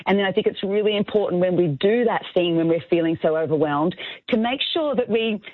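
A woman's voice: fairly low pitch, fairly quick, no room sound. An author and speaker, a woman, talking in an earnest, encouraging way as a radio interview guest. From Australia. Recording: tinny phone line.

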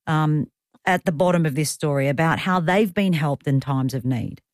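An Australian woman hosts a radio show, chatting and tossing in self-deprecating asides. Her voice sits a little low for a woman. The studio sound is close and dry. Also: no room sound. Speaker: radio host. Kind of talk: talkback radio chat.

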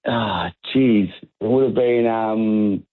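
A man's voice: on the low side, slow. Hesitant man on a phone line. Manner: hesitant, searching for words. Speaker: caller.

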